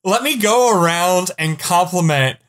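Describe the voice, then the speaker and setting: A man with a notably high voice makes wry, mocking asides on a podcast. He talks casually and drags out his jokes. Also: lively intonation, measured pace, fairly bright tone. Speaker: podcast panelist. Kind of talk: casual chat.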